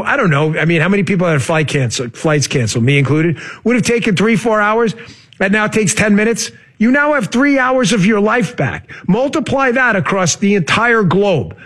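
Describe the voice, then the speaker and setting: A man with a high, somewhat husky voice hosts a casual political talk show. He talks in an animated way, turns sarcastic, and sometimes leaps up into shouting.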